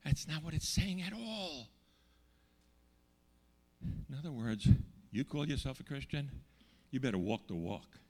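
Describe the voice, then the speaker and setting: A man preaching a sermon with emphasis, slowing down to stress key words and checking in with his listeners with questions. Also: mid-range voice, animated, big-room sound.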